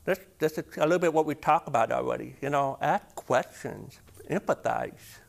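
A man's voice: mid-range voice, moderate pace, vocal fry. A man preaching a sermon as pastor, impassioned, repeating words and rising to emphatic peaks.

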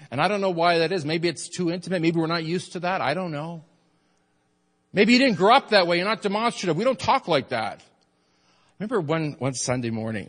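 A middle-aged man preaching a sermon as pastor, conversational and animated, asking his congregation questions and laughing often. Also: medium pitch, in a large hall. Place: church.

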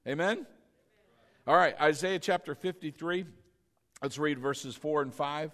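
A man preaching a sermon as pastor, animated and coaxing his congregation to repeat lines after him. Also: a little high, unhurried, long pauses.

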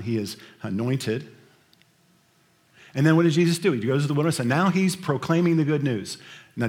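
A man preaching a sermon, shifting between hushed scripture reading and loud, emphatic storytelling. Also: medium pitch. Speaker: pastor.

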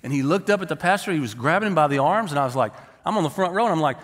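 A man's voice: on the high side, expressive, rapid-fire. A middle-aged man preaching a sermon, telling stories and acting out the people he quotes. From Texas. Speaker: pastor. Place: church sanctuary. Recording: long hall reverb.

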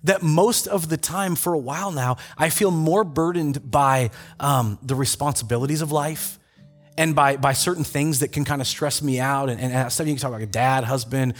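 A man's voice: medium pitch, normal speed, faint music behind. A middle-aged male pastor preaching a sermon, retelling scripture stories with voices for each character. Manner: storytelling with acted-out voices for biblical figures.

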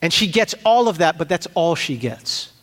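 Male pastor, high voice, chatty sermon delivery full of restarts, reverberant church hall. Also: big pitch swings, moderate pace, a bit bright. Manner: conversational, frequent restarts and asides. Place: church sanctuary.

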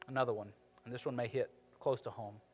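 A man preaching a sermon as pastor, with emphatic delivery that swings from quiet to loud. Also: medium pitch, steady tone, fast. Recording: reverberant hall with faint music.

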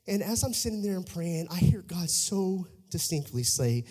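High-voiced male preacher, soft to shouting. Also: animated, moderate pace, few pauses, breathy edge, big-room sound. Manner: builds from hushed storytelling to shouted praise. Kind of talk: sermon.

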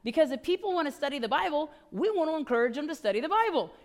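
A middle-aged woman delivers a sermon in a high voice. She is chatty and wry, pressing her points with emphasis and tag questions. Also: sing-song, racing. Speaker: pastor.

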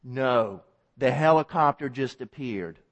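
A man's voice: medium pitch, lively intonation, measured pace, long reverb tail. A man preaching a sermon, telling a story vividly, with frequent restarts.

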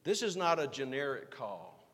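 A man preaching a sermon as pastor, swinging from emphatic rising lines to quiet, hushed asides. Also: medium pitch, big pitch swings, normal speed, big-room sound.

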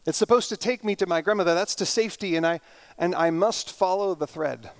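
A man's voice: high-pitched, brisk, no echo. A man voicing an earnest eight-year-old girl.

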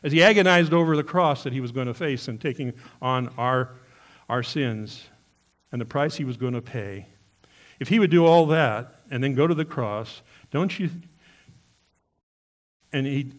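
A man's voice: medium pitch, moderate pace. A man preaching a sermon as a pastor, earnest and speaking straight to his listeners with many questions. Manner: earnest, asks the congregation questions.

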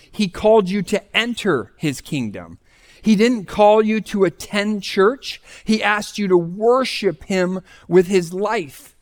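A man preaching a sermon as a pastor, telling a story in an easy, conversational way before moving into teaching. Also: high voice.

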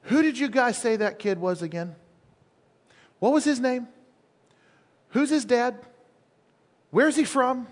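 A preacher putting on an envious old-world king who mutters suspicious questions in a hushed, prying tone. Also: very high voice, takes it slowly, pauses often, big-room sound, voice pushed up. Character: jealous, suspicious male king.

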